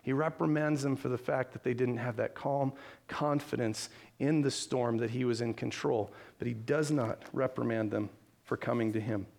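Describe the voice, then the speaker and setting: A man's voice: medium pitch, fairly even intonation, moderate pace, gravelly, darkish tone. A man preaching a sermon in an earnest, conversational way, asking the listeners rhetorical questions. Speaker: pastor.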